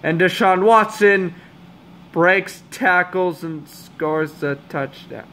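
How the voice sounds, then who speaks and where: A young man calling a football game as a fan commentator, hoarse and under the weather, with sarcastic, exasperated asides. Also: high voice, slow pace, fairly bright tone, a little hiss or hum. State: hoarse, voice giving out. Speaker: amateur play-by-play commentator.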